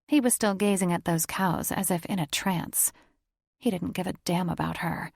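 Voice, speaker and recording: A woman reading a paranormal romance audiobook as narrator in steady storytelling. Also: on the low side, normal speed, vocal fry, slightly rough, no echo, clean studio sound. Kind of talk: scripted narration.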